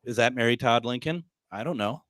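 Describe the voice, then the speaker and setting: A man's voice: mid-range voice, fairly quick, a bit bright, no echo. A man hosting a live paranormal radio talk show, telling stories animatedly and acting out his own quotes with plenty of fillers.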